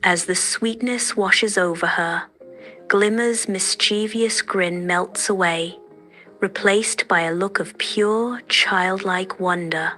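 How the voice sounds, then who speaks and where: Slow, gentle female storyteller. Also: medium pitch. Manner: gentle, measured, dreamy. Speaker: narrator. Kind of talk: soft storytelling narration.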